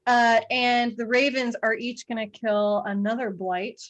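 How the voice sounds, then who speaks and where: A woman runs a tabletop game as dungeon master. Her voice sits a little high, and she rambles through her narration with many fillers and frequent giggles. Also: fairly even intonation, unhurried, lo-fi sound.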